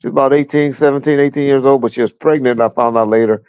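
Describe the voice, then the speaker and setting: A man's voice: mid-range voice, steady tone, fast talker, a little mellow, clear, resonant tone, no room sound, dull audio. A middle-aged man from Southern California, a guest telling blunt, profane stories about his police years in a casual livestream chat, chuckling as he goes. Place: at home with a fan running.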